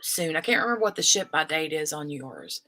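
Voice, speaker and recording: A woman hosting a relaxed crafting live stream from her chair at home, her voice sitting a little on the low side. She talks in a loose, rambling way, trailing off and picking her thread back up. It's close, casual desk-mic chat. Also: brisk, rough recording. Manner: rambling, chatty, stops and restarts mid-thought. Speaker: crafting channel host. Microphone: desk microphone.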